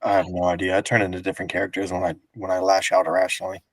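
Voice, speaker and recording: A man's voice: low-pitched, monotone, very fast, no room sound. A man hosting a casual podcast, telling a long rambling story with laughs and swearing. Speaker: podcast host.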